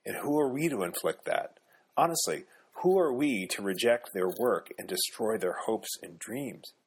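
A man's voice: fairly low pitch, expressive, normal speed, slightly rough, pitched above the performer's own voice. A man reading an audiobook, lifting his voice to play an earnest young woman who is hurt but outspoken. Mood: defensive.

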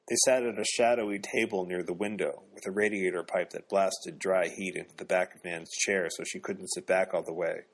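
The audiobook narrator here is a man with a low voice, delivering scripted narration of a novel at an even, measured pace.

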